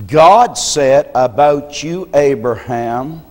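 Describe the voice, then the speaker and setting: A man, a pastor from the United States, preaching a sermon in a folksy storytelling way and often clearing his throat. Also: mid-range voice, slow, a little mellow. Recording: long hall reverb.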